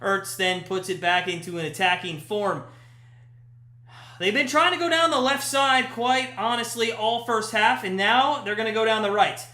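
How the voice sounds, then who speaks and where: A man hosting a live watch-party stream, giving chatty play-by-play that jumps to shouts at big chances. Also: high voice, steady tone, moderate pace. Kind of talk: casual watch-party commentary. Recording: echoey room.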